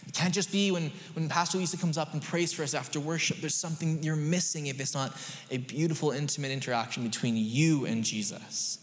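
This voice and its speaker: A man preaching a sermon as a pastor, conversational and animated, rising to emphatic peaks. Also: a little high, brisk. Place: church sanctuary. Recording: long reverb of a large hall.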